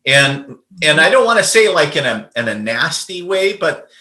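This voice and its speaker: A man's voice: on the high side, sing-song, normal speed, sharp tone, roomy sound. A man, a podcast guest and medium, telling a personal story in a casual, rambling way with lots of fillers and restarts.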